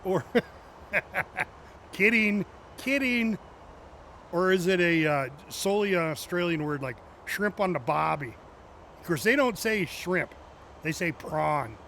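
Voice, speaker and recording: A man's voice: on the high side, lively intonation, a little slow, creaky, fairly bright tone, slight background noise. A man streaming a driving game, chatting casually with viewers in a rambling, joking way and laughing often. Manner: chatty asides to viewers in chat. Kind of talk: casual chat while playing a driving game.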